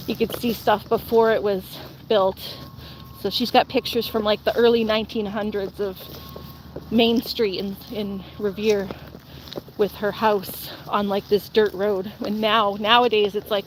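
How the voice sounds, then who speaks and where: A woman's voice: medium pitch, slight background noise. A young woman streaming outdoors, chatting casually in a rambling way full of "like" and "um" while answering viewer comments. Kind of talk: casual chat.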